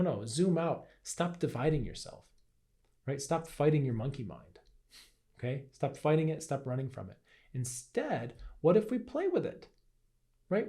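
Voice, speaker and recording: Warm in tone and fairly high in pitch, a male Qigong and health teacher chats casually to the camera. He keeps asking "right?" and performs playful inner voices as he teaches.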